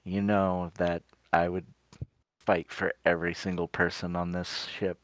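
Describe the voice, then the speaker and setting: A man voicing Gadri in a tabletop game speaks in a low-pitched, level tone without any echo. Taking it slowly, he narrates the character's actions and sets up each spoken line with "he goes."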